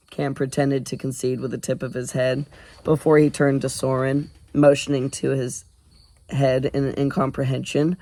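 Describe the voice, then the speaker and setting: A man reading a novel aloud as an audiobook narrator, in an even storytelling way. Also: medium pitch, moderate pace, vocal fry, no echo. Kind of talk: scripted narration.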